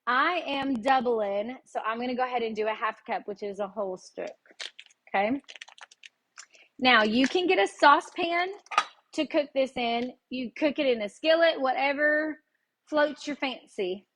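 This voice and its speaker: A woman's voice: high-pitched, moderate pace, a bit bright, a little hiss or hum. A woman with a Tennessee Southern accent, hosting a live cooking lesson and chatting folksily with her viewers as she goes. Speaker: cooking show host.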